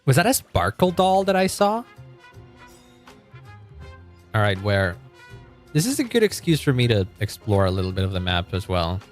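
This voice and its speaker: A male game streamer talking loosely to his chat, his pitch swinging up and down as he goes. He rambles, stops and restarts his thoughts, and breaks into laughter often. Faint music plays behind him. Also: big pitch swings, brisk. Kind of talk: casual live-stream chat.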